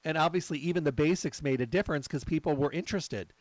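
A middle-aged man hosting a supplement talk, telling stories in a chatty, lively way. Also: on the high side, fast talker, no room sound, highs cut off. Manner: chatty storyteller, lively asides. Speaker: health supplement talk host. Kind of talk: casual monologue.

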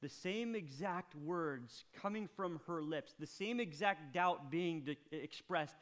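A man preaching a sermon, swinging from hushed, intimate lines to loud, impassioned appeals. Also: on the high side, slow, few pauses. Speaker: pastor.

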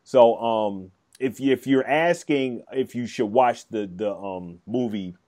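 Male podcast co-host, mid-range voice, halting with lots of ums. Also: mid-range voice, warm tone. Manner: hesitant, many fillers and restarts. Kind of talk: casual chat.

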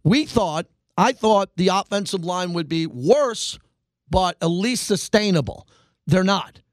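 A high-voiced man hosting a sports talk show, firing off a fast, emphatic monologue and hammering his points home by repeating them. The sound is dry and close to the mic, with no room around it. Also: lively intonation, dry recording. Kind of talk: animated sports radio monologue.

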